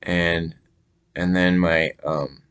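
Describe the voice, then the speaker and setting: A young man from Minnesota telling a casual story to camera, halting with many fillers and restarts. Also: low voice, fairly even intonation, a bit bright, clear, resonant tone. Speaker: vlogger.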